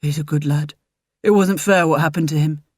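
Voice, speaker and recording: A woman's voice: sits low, fairly even intonation, moderate pace, a little mellow, dry recording, clean studio sound. A woman voicing a frail, stubborn, mischievous elderly man in a storybook reading. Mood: wry. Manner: blunt, mischievous.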